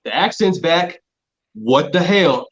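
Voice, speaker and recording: A man with a fairly high voice hosts a casual podcast discussion. He speaks hesitantly, drawing out words and filling pauses with ums. His audio sounds dull and lo-fi. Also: animated, slight background noise. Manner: hesitant, many ums, drawn out. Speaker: host.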